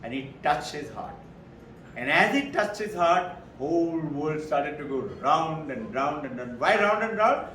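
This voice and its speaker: A man's voice: on the high side, a little slow, slight background noise. A middle-aged man gives a spiritual talk to a live audience and acts out the dialogue of the stories he tells. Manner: animated storyteller who acts out quoted dialogue. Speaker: spiritual teacher. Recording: roomy hall, mic at a distance.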